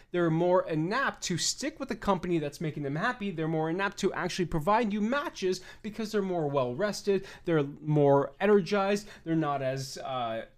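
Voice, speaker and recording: A young man hosting a podcast, ranting bluntly with lots of swearing and mocking other fans in quoted voices. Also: high-pitched. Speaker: podcast host. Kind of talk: opinionated podcast rant.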